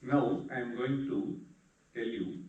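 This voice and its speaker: A man teaching a class, explaining patiently step by step and chanting verses slowly. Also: medium pitch, a little mellow, highs cut off. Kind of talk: lecture on Sanskrit meter. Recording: echoey room, distant mic.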